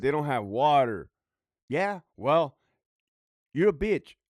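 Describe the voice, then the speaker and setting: A man in a casual vlog rant, swearing freely and laughing between points. His voice sits a bit high for a man and leaps around in pitch. The sound is dry, with no room echo. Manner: profane, rambling, frequent laughter. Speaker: former prison guard.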